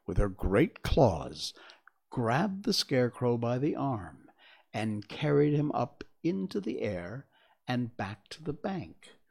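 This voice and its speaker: Male audiobook narrator, unhurried and expressive, with a gravelly edge. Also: medium pitch. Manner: expressive, storytelling.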